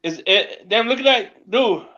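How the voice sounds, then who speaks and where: Bright blunt man on lo-fi line. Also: high-pitched, expressive, a little slow. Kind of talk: casual chat. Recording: dull lo-fi sound.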